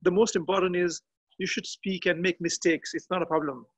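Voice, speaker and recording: Halting, higher-voiced man outdoors. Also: steady tone, lo-fi sound. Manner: halting, searching for words with many restarts. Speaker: podcast guest. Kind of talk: casual interview chat. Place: garden outdoors.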